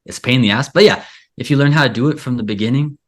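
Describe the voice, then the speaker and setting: A man in casual conversation, talking in a relaxed, rambling way full of fillers. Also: medium pitch, very fast. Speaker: language teacher, show host.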